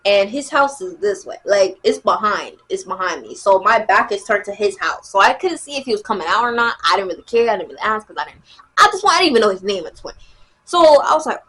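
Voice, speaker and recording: A young woman, telling a casual storytime vlog in a chatty, animated way. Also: mid-range voice, fast talker, slightly rough. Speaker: vlogger.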